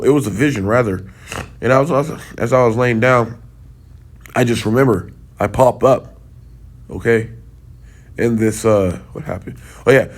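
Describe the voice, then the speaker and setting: Man in a middle voice, loose sit-down teaching, checks in with the listener often, runs heated and scornful. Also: medium pitch. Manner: talks loosely, checks in with "right?" and "okay?". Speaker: religious teacher.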